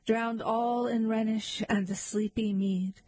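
An ardent young male lover pleads in a narrative poem, spoken by a woman reciting it. The delivery is slow and measured, with a mellow, husky tone. It is recorded close and dry. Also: fairly high pitch, fairly even intonation, rough recording. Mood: tender pleading. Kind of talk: reading a narrative poem aloud.

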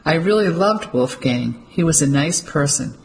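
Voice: mid-range voice, lively intonation, moderate pace, natural voice, poor audio. A reader voicing an earnest, pleading young woman.

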